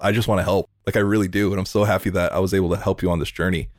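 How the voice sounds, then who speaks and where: A man hosting a podcast interview over a remote call, talking in an earnest, heartfelt way and in quick bursts. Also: sits low, steady tone, no echo, clean studio sound. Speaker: podcast host. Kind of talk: emotional interview conversation.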